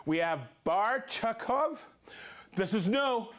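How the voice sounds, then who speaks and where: Speaking slowly in a high, somewhat bright voice with lively intonation, a male streamer gives upbeat shout-outs. He calls out viewer names and locations, cracking jokes and laughing between them.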